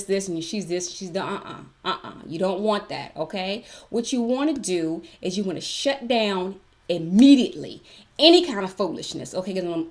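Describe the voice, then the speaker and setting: A woman gives career advice in a casual talk-to-camera vlog. She speaks emphatically, repeating key phrases and checking in with the listener. Her voice sits in an ordinary middle pitch. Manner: emphatic, keeps checking in with "okay?"; chatty, repeats herself for emphasis. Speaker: vlogger giving workplace advice.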